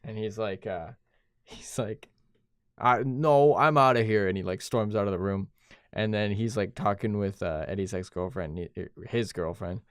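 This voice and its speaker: A man's voice: low-pitched, steady tone, moderate pace, a little mellow, clean tone, no echo, clean studio sound. A man co-hosting a podcast, retelling movie scenes in casual chat and acting out the dialogue, with some stammering. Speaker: podcast co-host.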